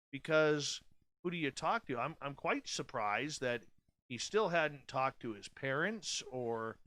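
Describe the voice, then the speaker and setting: A man in his forties hosts a radio show, delivering a casual late-night monologue that is blunt, candid, and profane, with many restarts. His voice is a little high with a sharp tone, and there's no echo.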